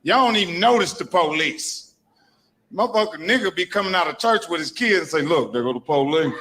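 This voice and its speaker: A male stand-up comedian delivering a bit in a loud, forceful way. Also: on the high side, lively intonation, brisk. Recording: echoey venue recording.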